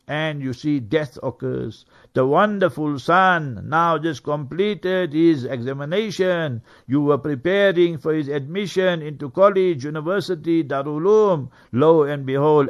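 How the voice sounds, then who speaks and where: A man, a mufti teaching on a radio show, explaining verses earnestly and with emphasis, reciting Arabic passages quickly. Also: fairly high pitch. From South Africa. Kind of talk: religious talk on Quran verses. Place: radio studio.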